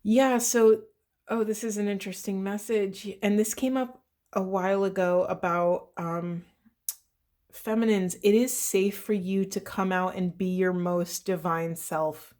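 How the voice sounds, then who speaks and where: A middle-aged woman talks softly through a spiritual card reading to her viewers. Her voice sits at an ordinary pitch, and her talk is earnest and meandering, filled with pauses, "um"s and gentle "right?"s. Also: steady tone. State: voice shaking with emotion. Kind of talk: intuitive card reading to camera.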